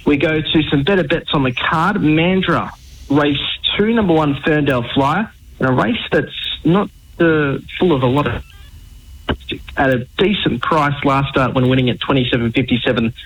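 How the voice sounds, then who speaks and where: Man, Australian accent, greyhound tipster, upbeat, higher pitch. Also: normal speed, fairly bright tone, slightly rough, rough recording. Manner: upbeat, rattles off names and prices. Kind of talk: racing tips on radio.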